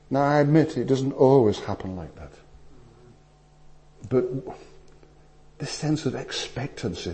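A man preaching a sermon, telling stories with animated swings between loud emphasis and hushed asides. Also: medium pitch. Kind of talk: sermon with anecdotes.

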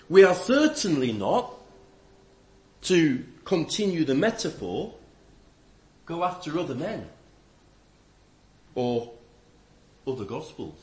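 A man preaching a sermon, reading scripture and explaining it with dry, wry humor and earnest emphasis. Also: a little high. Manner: slow, deliberate delivery with lively rise and fall.

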